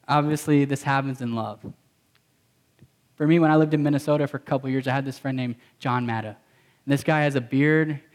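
A man preaching a sermon as a pastor, emphatic and repetitive, mixing in casual slang. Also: mid-range voice.

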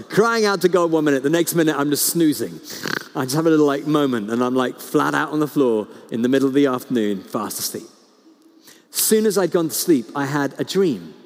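A male pastor preaching a sermon, telling stories earnestly and slowing down to stress key words. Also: a little high. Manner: earnest storytelling, slows down for emphasis, frequent restarts. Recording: long hall reverb.

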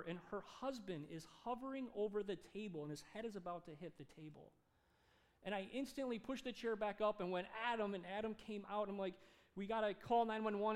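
A male pastor preaching a sermon, telling a story with animated delivery and acted-out dialogue. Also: high-pitched. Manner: animated, acts out dialogue in his stories.

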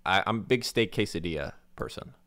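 A man's voice: low voice, animated, brisk, fairly bright tone, dry recording. A man co-hosting a podcast, chatting casually with dry, wry remarks. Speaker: podcast co-host.

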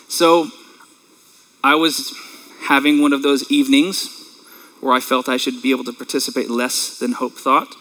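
Tearful, earnest man preaching, bright voice. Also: mid-range voice, flat delivery, moderate pace, long pauses, low-quality recording. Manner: earnest, emotional, conversational preaching. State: tearful, clearing throat. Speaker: pastor. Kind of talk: sermon.

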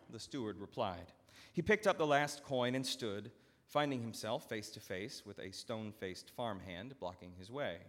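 A male pastor telling a story in a sermon with dramatic, expressive narration, recorded in a church. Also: fairly low pitch, moderate pace. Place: church sanctuary. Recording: long church hall reverb.

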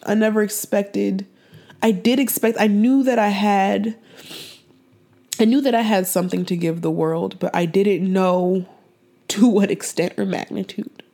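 A woman's voice: medium pitch, steady tone, a little slow, mellow. A young woman hosting a faith-based podcast, talking in an earnest, heartfelt way that rambles and restarts. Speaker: podcast host.

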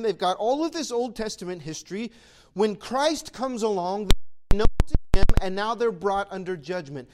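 A man preaching a sermon with a high, lively voice that swoops up and down. He talks to his church in an animated, conversational way and now and then acts out imagined voices. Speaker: pastor.

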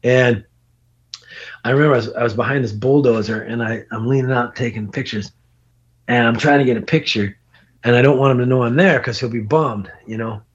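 A middle-aged man with a husky, breathy voice tells an old road story in loose, animated chat. He swears freely and laughs through the telling. The recording sounds dull and lo-fi, like a home podcast setup. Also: medium pitch, brisk. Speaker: podcast guest. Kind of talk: casual storytelling.

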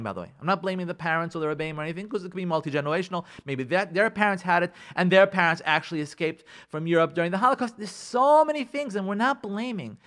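A man's voice: sits high, a bit bright. A man hosting a radio advice show, delivering a preachy monologue that repeats points for emphasis and acts out spouses' lines. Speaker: radio host giving marriage advice.

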